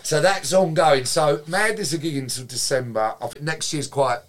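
Lively man telling stories. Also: a little high, normal speed. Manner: animated, swears freely, acts out quotes, laughs while telling. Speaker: guest. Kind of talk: anecdotal storytelling in casual chat.

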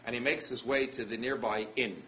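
Brief: male rabbi, lively storytelling sermon, bright tone, faint background noise. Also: mid-range voice, brisk, rough recording. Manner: animated storyteller, acts out quotes.

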